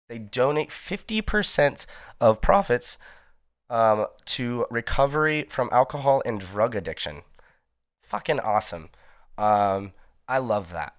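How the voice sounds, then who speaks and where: A man's voice: mid-range voice, smooth, dry recording, clean studio sound. A man hosting a casual solo podcast, talking in a loose, rambling way with lots of ums, cursing and frequent laughs. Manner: rambling, laid-back, lots of ums and swearing, laughs often. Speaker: podcast host.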